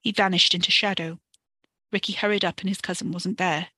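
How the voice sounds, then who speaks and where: A woman reading a story for a podcast in a steady, expressive way. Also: on the low side, brisk, no echo. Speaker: podcast narrator.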